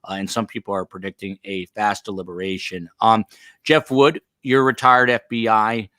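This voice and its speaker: Chatty low-voiced male podcast host. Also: flat delivery, normal speed, bright, forceful tone, no echo, studio quality. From Northeast US. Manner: chatty, feisty, rambling asides. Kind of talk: casual podcast chat.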